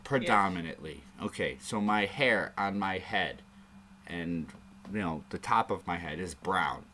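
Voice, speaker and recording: A man's voice: sits low, lively intonation, measured pace, bright, forceful tone, a little hiss or hum. A man hosting a live stream, rambling casually in a crude, joking way. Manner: rambling and crude, prone to chuckling asides.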